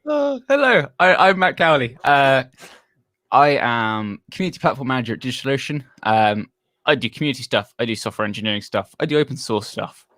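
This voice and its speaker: British guy on a stream, dry close sound, low-key and modest. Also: sing-song, a little fast, a bit bright, dry recording. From Britain. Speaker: guest. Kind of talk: casual livestream chat.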